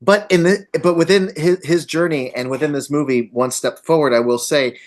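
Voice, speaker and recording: Animated man talking movies. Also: on the high side, moderate pace. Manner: animated, swearing, quotes scenes in voices. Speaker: podcast host. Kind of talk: casual film discussion.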